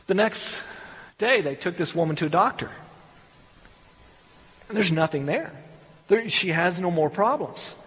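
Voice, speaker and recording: Husky-voiced man teaching in a reverberant hall. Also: high-pitched, lively intonation, unhurried, pauses often, a bit bright. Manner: conversational, repeats words, many asides. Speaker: bible study teacher. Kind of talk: sermon-style bible teaching.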